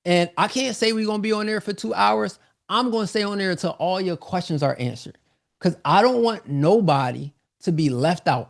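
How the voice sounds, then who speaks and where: Gravelly-voiced man pitching a webinar. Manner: energetic, repetitive, informal salesman talk. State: slightly out of breath. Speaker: online business coach hosting a live sales webinar. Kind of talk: live webinar sales pitch.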